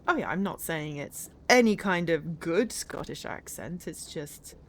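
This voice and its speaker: A woman's voice: on the low side, animated, measured pace. An English woman streaming herself playing a game, chatting in a rambling way that keeps interrupting itself. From northern England. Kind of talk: casual chat while playing a game.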